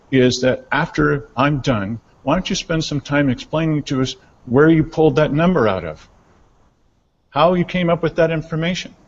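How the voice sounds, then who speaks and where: A man's voice: mid-range voice, husky. A man giving prepared public comment at a meeting, pointed and accusing. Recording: dull, reverberant meeting hall.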